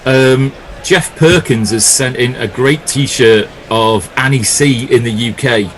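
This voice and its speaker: Relaxed male co-commentator. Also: medium pitch, takes it slowly, a little hiss or hum, low-quality recording. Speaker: co-commentator reading listener messages. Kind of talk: casual commentary chat.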